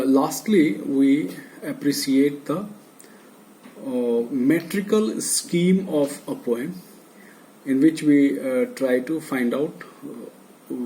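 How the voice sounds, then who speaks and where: A man's voice: medium pitch, dark tone, a little hiss or hum, rough recording. A man with an Indian English accent giving a university lecture, hesitant, with many filler sounds, listing terms one by one. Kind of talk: slow recorded lecture.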